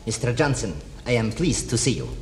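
A man's voice: mid-range voice, big pitch swings, a little fast, darkish tone, lightly acted. A man playing a put-upon male foreign leader in a comedy sketch, with a mock accent and Yiddish turns of phrase. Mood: wry. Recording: noisy roomy old recording.

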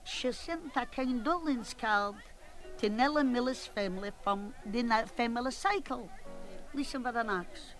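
A woman's voice: on the high side, measured pace, a bit bright, soft background music, rough recording. A woman playing a gossipy, bossy woman, rambling and scolding in a comic monologue. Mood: gossiping. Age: 80s. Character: gossipy bossy elderly woman at a family gathering.

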